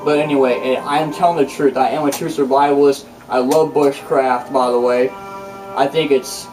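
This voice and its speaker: Here the male channel host speaks at normal speed in a medium-pitched, fairly even voice. His casual vlog monologue is a boastful, profane ramble with frequent restarts, recorded from a distance over loud background music.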